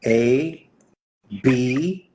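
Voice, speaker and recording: A man's voice: mid-range voice, drawn-out words, dark tone. A middle-aged man chatting casually and jokingly while signing autographs on a live stream. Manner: playful, jokey, chatty while writing.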